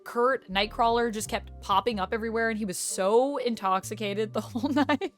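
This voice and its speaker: A woman's voice: fairly high pitch, normal speed, soft background music. Gushing woman YouTuber in casual chat. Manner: gushing, self-described nerd. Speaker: YouTuber reacting to a trailer. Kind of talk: casual reaction vlog chat.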